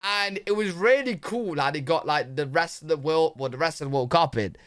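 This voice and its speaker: A man's voice: on the high side, fairly quick, fairly bright tone, no echo, clean studio sound. A young British man talking casually as he reacts to a video, laid-back and chatty. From Britain. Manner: laid-back, chatty, says "bro" a lot. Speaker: reaction streamer.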